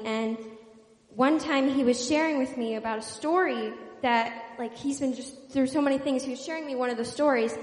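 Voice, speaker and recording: A woman's voice: a little high, echoey room, big-room sound. A young woman sharing a personal story in an earnest, casual way, with many fillers. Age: young adult. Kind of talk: personal testimony.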